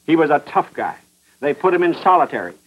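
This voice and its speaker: High-pitched fervent preacher on old radio. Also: male voice, very animated, fast talker, breathy edge. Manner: emphatic, pounding repetition, rhetorical questions. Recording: muffled old radio broadcast.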